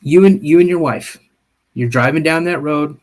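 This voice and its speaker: A man's voice: a little high, moderate pace. A man co-hosting a live podcast, telling an encounter story in the second person with frequent restarts and check-ins. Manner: animated, builds scenes with second-person storytelling; frequent restarts and repeated "okay?". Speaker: podcast co-host. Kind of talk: live-stream storytelling chat.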